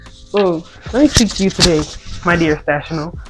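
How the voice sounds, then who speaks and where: Speaking at medium pitch and a moderate pace, this twenty-something content creator shares a laid-back story before giving a Bible talk, playfully bantering with viewers in slang. Loud outbursts alternate with hushed asides over faint background music.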